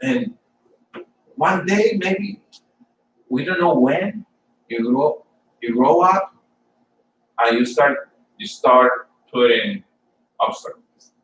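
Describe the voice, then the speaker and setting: A man from Colombia, giving an informal sermon and personal testimony for a church service, halting and often repeating words as he tells his story. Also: mid-range voice, animated, fairly bright tone, reverberant, recorded from a distance, slight background noise, low-quality recording. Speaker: church speaker.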